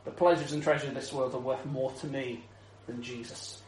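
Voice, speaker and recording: A greedy grown man choosing riches over loyalty, voiced by a male preacher. He speaks low and flat, with a self-satisfied calm. The voice rings in an echoing room. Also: a little fast, close to an everyday voice. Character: greedy betrayer Judas, grown man, coldly choosing money.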